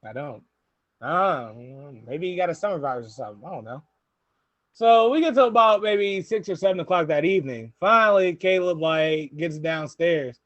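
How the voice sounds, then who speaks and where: This is a young man telling drinking stories on a casual podcast. His voice is high for a man, and he keeps acting out the people in his stories. The recording is dry and slightly dull. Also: moderate pace, no room sound. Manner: animated storyteller, laughs often, quotes people. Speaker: podcast host.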